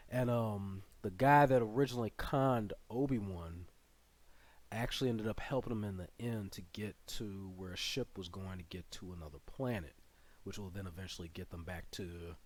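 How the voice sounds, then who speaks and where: On his channel, a host retells a series' storyline in a loose, meandering way, full of filler words and tangents, speaking at a moderate pace in a somewhat low, mellow voice.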